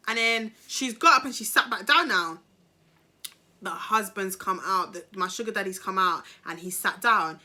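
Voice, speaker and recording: A woman vlogger telling a story in a lively, slangy way, acting out the people in it. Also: medium pitch, moderate pace. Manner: animated, slangy, acts out the people in her story. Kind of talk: storytime vlog.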